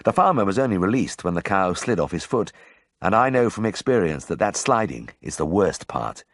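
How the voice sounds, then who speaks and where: A deep-voiced man reads a memoir audiobook, telling it expressively with a lively, varied pitch. The recording is close and completely dry. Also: brisk, dry recording. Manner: expressive first-person storytelling. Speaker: audiobook narrator. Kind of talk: audiobook narration.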